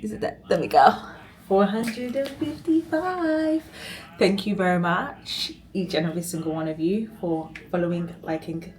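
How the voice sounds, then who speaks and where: A woman's voice: on the low side, fairly even intonation, fairly quick, few pauses, rough recording. A woman chatting casually to her vlog camera, rambling through asides and laughing easily. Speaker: vlogger.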